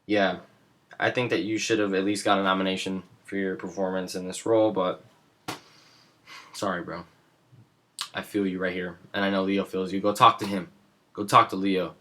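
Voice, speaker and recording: A man's voice: deep voice, a bit bright. A young man in a casual vlog, talking with rambling enthusiasm about his favorites. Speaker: movie vlogger. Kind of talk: casual chat.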